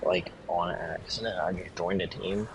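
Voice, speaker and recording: A man's voice: sits low, fairly even intonation, normal speed, slight background noise, low-quality recording. A young man in his late teens in casual chat, laid-back and chiming in with short remarks.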